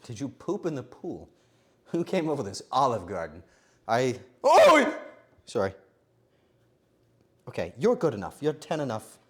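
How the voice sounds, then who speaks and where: Lively joking male streamer. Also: mid-range voice. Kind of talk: casual live-stream commentary while baking.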